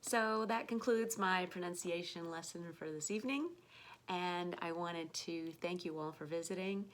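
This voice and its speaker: An American woman giving an online pronunciation lesson, speaking slowly and patiently, repeating words for learners to copy. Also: lowish voice, fairly even intonation. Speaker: English pronunciation teacher.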